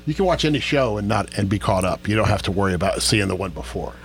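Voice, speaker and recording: A man co-hosting a podcast, talking in a chatty, animated way with quoted voices. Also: fairly low pitch, fast, vocal fry, a little hiss or hum. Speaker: podcast co-host. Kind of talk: casual chat.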